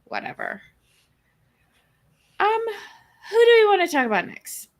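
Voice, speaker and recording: Slow-talking blunt woman co-host. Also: very high-pitched, wildly swooping pitch. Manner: blunt, sassy remarks. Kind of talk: live-streamed recap commentary.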